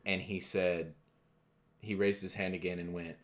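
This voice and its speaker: A man's voice: sits low, little pitch movement, normal speed, pauses often. A young man co-hosting a podcast, telling stories loosely with lots of fillers. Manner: loose storyteller, filler-heavy. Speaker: podcast co-host. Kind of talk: casual chat.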